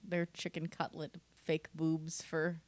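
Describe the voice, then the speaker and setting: A woman's voice: low voice, completely flat delivery, slow pace, a little mellow, a little hiss or hum. A woman co-hosting a podcast in casual chat, chiming in with dry, playful quips. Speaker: podcast co-host.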